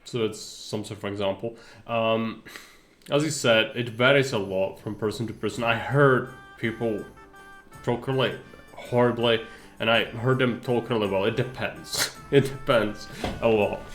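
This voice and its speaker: Streamer, rambling. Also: male voice, fairly low pitch, normal speed, a bit bright, echoey room, faint music behind. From Czech Republic. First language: Czech. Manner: rambling, searching for words. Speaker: game streamer. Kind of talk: casual live-stream commentary.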